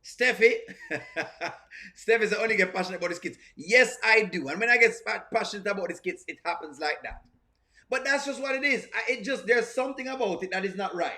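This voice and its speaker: A man's voice: high-pitched, bright, forceful tone. A man with a strong accent hosting a live reaction stream, commenting animatedly on skits, repeating points and greeting his chat. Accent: strong non-standard English accent. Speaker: reaction channel host.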